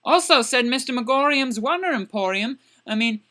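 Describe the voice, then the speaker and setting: A woman's voice: high voice, animated, moderate pace, fairly bright tone. A woman playing a crude, indignant young man who rants exasperatedly in a comedic character vlog.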